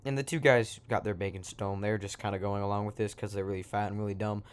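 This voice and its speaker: A man's voice: fairly low pitch, steady tone, quick pace, clean tone. A man improvising a silly story in an offhand, joking way, breaking off into asides.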